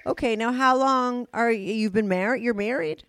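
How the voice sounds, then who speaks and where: A woman's voice: a little high, normal speed, fairly bright tone, smooth, no echo. A woman hosting a podcast, chatting casually and laughing easily. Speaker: podcast host. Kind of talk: casual chat.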